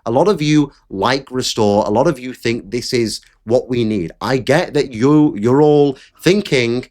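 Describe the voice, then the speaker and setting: A man's voice: medium pitch, unhurried, few pauses, a little mellow. A man hosting political commentary, talking bluntly and with frequent swearing in an exasperated rant. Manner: blunt, profane, exasperated ranting.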